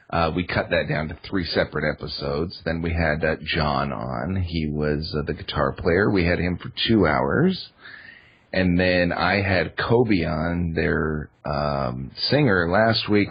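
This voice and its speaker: A man's voice: low voice, unhurried, husky, dull audio. A man on a podcast chatting casually as a guest, rambling with many fillers. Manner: rambling, filler-heavy storytelling.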